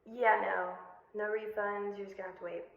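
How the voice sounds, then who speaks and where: A woman's voice: medium pitch, fairly quick, creaky, highs cut off, a little hiss or hum, close to an everyday voice. A woman doing an indifferent store clerk. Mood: dismissive. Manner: flat, indifferent, brushing off complaints. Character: dismissive male furniture store clerk. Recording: echoey room.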